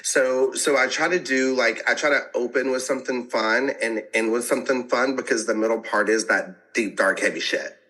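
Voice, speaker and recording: A man speaking as a podcast guest in a casual interview, animated and quick to laugh, often restarting his sentences. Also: mid-range voice, poor audio. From American South.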